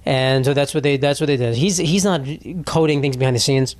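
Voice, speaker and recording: A man's voice: medium pitch, fairly quick, dry recording. A young man hosting a solo podcast, ranting and rambling with sarcastic, profane jokes and frequent laughs. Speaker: podcast host. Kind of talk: casual solo podcast rant.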